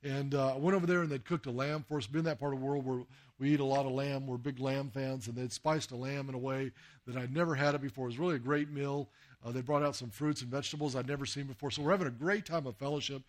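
A man from the United States, a missionary preacher, telling a folksy story in a sermon and acting out the dialogue. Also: mid-range voice.

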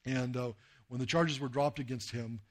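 A man's voice: mid-range voice, steady tone, moderate pace. Conversational male preacher telling stories. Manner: anecdotal, conversational, with frequent fillers and acted quotes. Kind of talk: sermon with storytelling.

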